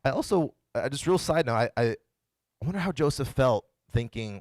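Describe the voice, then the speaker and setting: Man, pastor, casual sermon, conversational, mid pitch, dry close mic. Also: expressive, normal speed, darkish tone, no echo. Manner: conversational, playfully voices the characters he quotes.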